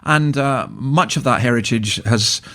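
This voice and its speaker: A man's voice: mid-range voice, measured pace, fairly bright tone. An older man with a Scottish accent, a minister telling stories in a casual interview, chuckling and often restarting his sentences. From Scotland. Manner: chatty storyteller, chuckling, frequent restarts. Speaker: guest minister.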